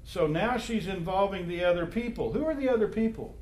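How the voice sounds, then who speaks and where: A man teaches an informal Bible class in a room with a noticeable echo. His voice sits fairly high for a man, and he keeps turning to the group with questions in a loose, conversational way. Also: lively intonation, brisk, a little mellow. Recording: echoey room.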